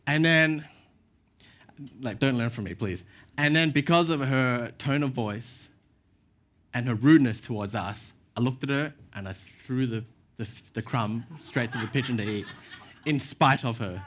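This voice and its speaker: A male pastor giving a sermon in a church, telling stories in a relaxed, self-mocking way. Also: mid-range voice, a little slow. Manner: casual storytelling with self-deprecating asides.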